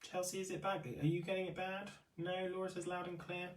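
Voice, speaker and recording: A man's voice: high voice, completely flat delivery, a little fast, echoey room, distant mic. A man hosting a live stream for a beauty retailer, chatting casually, reading out viewer comments and often apologising. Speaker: livestream host for a beauty retailer.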